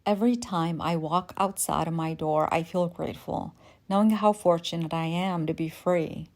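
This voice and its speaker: A woman from Yemen in her forties telling a personal story in a measured, reflective way. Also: fairly low pitch. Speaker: podcast host.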